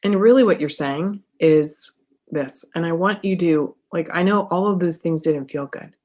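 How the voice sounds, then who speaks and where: A woman's voice: lowish voice, moderate pace, a little mellow. A woman life coach hosting her own podcast, talking energetically and emphatically, repeating phrases for effect in a motivational monologue.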